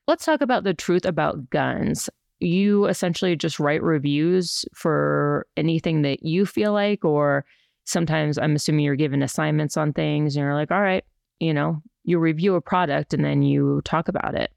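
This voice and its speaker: A young woman hosting a casual podcast chat, talkative and quick to laugh. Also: sits low, gravelly, darkish tone, dry recording, studio quality. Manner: chatty, laughs often, quotes herself in playful voices. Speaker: podcast host.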